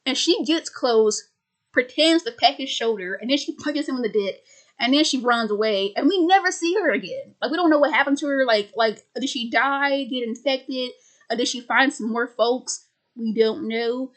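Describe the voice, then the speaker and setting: A woman's voice: a little high, moderate pace. A young woman casually recapping a film, stuttering and restarting words often. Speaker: video creator.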